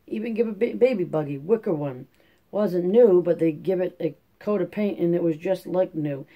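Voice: medium pitch, steady tone, brisk, highs cut off, natural voice. Narrator voicing gushing young Rose of Sharon. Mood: excited. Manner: gushing, breathless country talk. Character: Rose of Sharon, an excited young pregnant woman.

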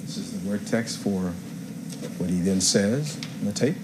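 A man's voice: on the low side, unhurried, background noise. Emphatic male lawyer delivering a closing argument. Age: 50s. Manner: emphatic, rhetorical, with repetition and rising crescendos. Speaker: defense attorney. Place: courtroom.

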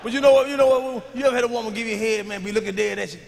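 A man performing a stand-up comedy routine on a big stage, telling profane stories with a swagger, jumping between shouts and low asides. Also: very fast, vocal fry, big-room sound, slight background noise. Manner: loud, swaggering, profane storytelling with sudden shouts and drops to a murmur. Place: large live venue on stage.

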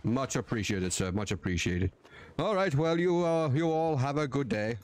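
A man's voice: medium pitch, expressive, moderate pace. A man streaming a western roleplay, talking in a folksy drawl, swearing and joking as his character. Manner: drawling folksy cowboy talk, swearing, laughing at himself.

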